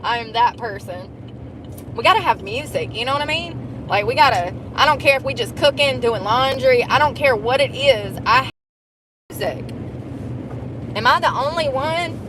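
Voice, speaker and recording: A woman's voice: high-pitched, animated, normal speed, noisy background. A woman chatting casually while driving, profane and laughing often. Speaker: vlogger. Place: car.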